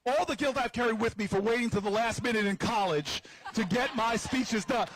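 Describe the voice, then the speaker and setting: A man with a high, husky voice tells a story to a crowd outdoors. He is playful and teases his listeners, often stumbling over and repeating his words as he goes. His voice sounds close and dry. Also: brisk, fairly bright tone, no room sound, low-quality recording. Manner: stammering restarts and repeated words. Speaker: senator. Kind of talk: storytelling speech at an outdoor rally. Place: outdoors on building steps at a rally.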